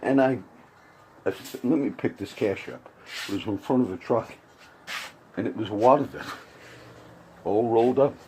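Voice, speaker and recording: A man's voice: mid-range voice, normal speed, long pauses, warm tone, slight background noise, rough recording. A man giving a casual, rambling spoken commentary with frequent restarts and asides. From grew up around Puerto Rican and Cuban friends.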